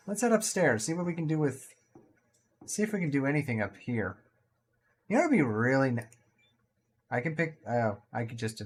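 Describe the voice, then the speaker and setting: A man talking casually through a survival building game, chatty and playful with jokey asides. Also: mid-range voice. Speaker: gaming video creator. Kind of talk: casual let's-play commentary.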